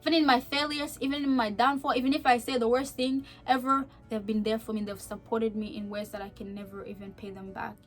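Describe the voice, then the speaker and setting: A young woman giving an earnest personal faith testimony, heartfelt and emotional, talking in a chatty way with many fillers and swinging from soft to emphatic. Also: a little high, fairly even intonation, fairly quick, hardly any pauses, faint music behind. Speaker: vlogger sharing a faith testimony.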